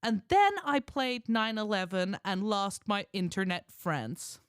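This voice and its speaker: A man reading out his American wife's comment in a put-on American accent, with a high, loud, prim mock voice. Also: expressive, measured pace, clean tone, dry recording, studio quality. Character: his American wife, a smart adult woman reading a correction.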